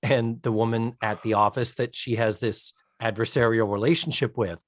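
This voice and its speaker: A man co-hosting a podcast, casually retelling a TV episode in an animated way and laughing often. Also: on the low side, normal speed, no room sound, clean studio sound. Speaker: podcast co-host. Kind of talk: casual chat, recapping a TV episode.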